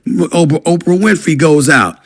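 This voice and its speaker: A man's voice: fairly high pitch, moderate pace. A man arguing on a panel talk show, emphatic and incredulous, firing off rhetorical questions. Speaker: panel commentator.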